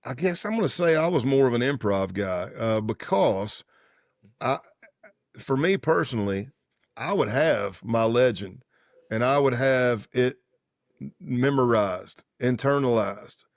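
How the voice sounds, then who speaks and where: Give me a man in his fifties telling stories in a relaxed, rambling way and acting out quoted dialogue, recorded dry and close. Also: medium pitch, measured pace, dry recording. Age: 50s. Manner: acts out quoted dialogue in lively voices; loose, rambling, self-correcting speech. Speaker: former undercover agent, guest. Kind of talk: casual interview storytelling.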